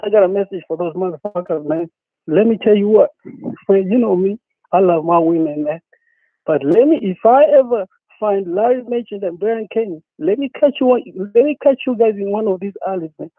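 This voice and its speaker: A man's voice: high-pitched, expressive, fairly quick, no echo. A man calling in to a talk show, ranting with a profane, repetitive, worked-up manner. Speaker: caller. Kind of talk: angry phone-in rant. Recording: tinny phone line.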